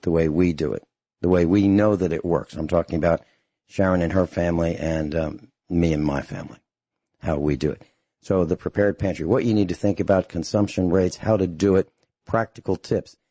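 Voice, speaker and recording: A man hosting a radio talk show, speaking steadily and repeating details slowly and carefully. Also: low voice, mellow, slightly rough, no room sound.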